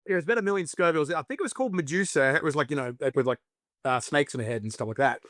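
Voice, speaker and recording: Chatty Australian man, lively storyteller. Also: a little high, racing, no echo, studio quality. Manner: chatty, storytelling, lots of fillers and acted quotes. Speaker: podcast guest, spicy food show creator. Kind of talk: casual interview chat.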